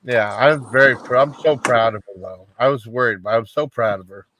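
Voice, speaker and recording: A man's voice: medium pitch, fairly quick, pushed and bright, slight background noise. A man chatting casually on a live stream, upbeat and rambling with lots of fillers. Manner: rambling, upbeat, many fillers like "you know" and "I mean". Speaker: livestream host.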